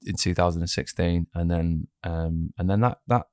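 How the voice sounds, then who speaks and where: A man's voice: low voice, fairly even intonation, moderate pace, a little mellow, smooth, no room sound, clean studio sound. A young man, an actor chatting as a guest in a casual interview, rambling with many restarts and fillers.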